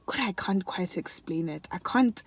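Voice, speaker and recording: A young woman chatting casually to camera in a favourites vlog, animated and laughing often, switching between English and another language mid-sentence. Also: on the low side, slightly rough. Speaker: beauty and lifestyle vlogger. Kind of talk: casual chat.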